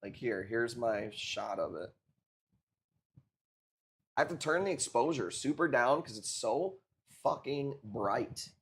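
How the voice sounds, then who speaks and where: A man in his forties talks casually to his live-stream viewers while selling corals. His voice sits at an ordinary middle pitch, and his talk is relaxed, full of swearing and sprinkled with dude and bro. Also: slow pace, long pauses. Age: 40s. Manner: laid-back, profane, peppered with dude and bro.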